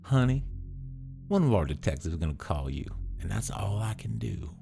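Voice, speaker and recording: A man's voice: lowish voice, sing-song, normal speed, gravelly, dark tone, faint music behind, pitched above the performer's own voice. A man voicing a kindly older Southern woman with a Mississippi accent who works as a sheriff's office assistant and calls him honey. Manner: sweet, motherly, calls everyone honey.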